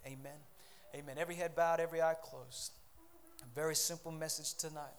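A man preaching a sermon at a church service, building to loud emphatic peaks, then pleading softly as he gives an altar call. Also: a little high, fairly even intonation, fairly quick. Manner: softer, pleading invitation during altar call.

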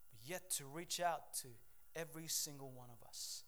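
A man preaching a sermon in a fairly high voice. He builds to loud, ringing declarations, then drops almost to a hush when telling a personal story or praying. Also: normal speed, hardly any pauses. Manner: swings from loud preaching to hushed, quiet telling. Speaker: pastor.

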